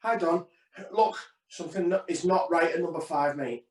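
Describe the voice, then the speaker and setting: A man's voice: on the high side, normal speed, natural voice. A man playing an irritable British neighbour. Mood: tense. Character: irritable male neighbour named Paul.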